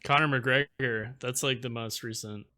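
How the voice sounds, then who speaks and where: A man co-hosting a gaming podcast in jokey casual chat, quick to chime in. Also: medium pitch, fairly even intonation, bright, forceful tone. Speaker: podcast co-host.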